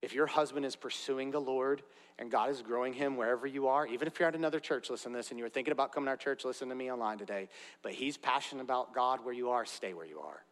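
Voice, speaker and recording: A man's voice: medium pitch, quick pace, a bit bright. Earnest preaching man in a reverberant hall. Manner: earnest preaching with conversational asides. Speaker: pastor. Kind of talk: sermon. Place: church sanctuary. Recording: long reverb of a large hall.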